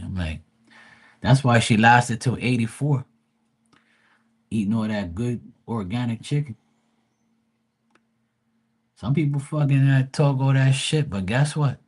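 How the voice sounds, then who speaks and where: A man's voice: mid-range voice, measured pace, pauses often, breathy edge. A middle-aged man hosting a livestream, telling rambling family stories in casual chat, swearing freely and acting out quotes. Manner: profane, rambling, animated quoting of family. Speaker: livestream host.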